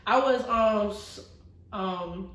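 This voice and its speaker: A woman's voice: mid-range voice, takes it slowly, fairly bright tone. A woman in her twenties, a podcast guest, telling stories in casual slangy chat and acting out the voices in them. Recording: roomy echo, mic at a distance, faint ambience.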